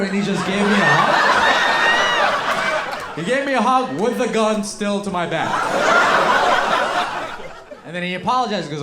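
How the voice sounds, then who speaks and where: A young man from Yemen doing stand-up, telling a long story with punchy lines and deadpan asides to the crowd. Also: high-pitched, moderate pace, long pauses. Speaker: stand-up comedian. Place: comedy club stage. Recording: roomy club with loud crowd noise. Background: audience laughter and applause.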